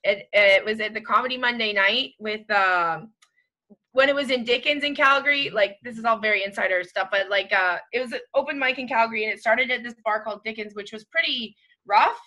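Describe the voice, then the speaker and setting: Bright high woman telling a story. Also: brisk, poor audio. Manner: laughing storyteller. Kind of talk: casual chat.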